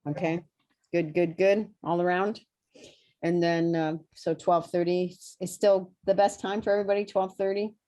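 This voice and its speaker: A woman with a low voice chairs a committee meeting over a video call. She talks hesitantly, with fillers and restarts. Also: fairly even intonation, moderate pace, mellow. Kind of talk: online meeting talk.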